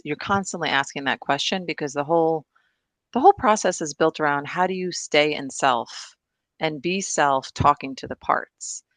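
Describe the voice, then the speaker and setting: A woman's voice: sits low, no echo. A woman presenting and discussing on a video call, chatty and enthusiastic, laughing often. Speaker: guest presenter.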